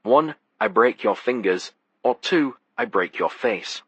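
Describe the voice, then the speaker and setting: A man's voice: mid-range voice, lively intonation, measured pace, husky, no echo. A man voicing a blunt, threatening casino heavy in an audiobook. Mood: menacing. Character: menacing male casino heavy.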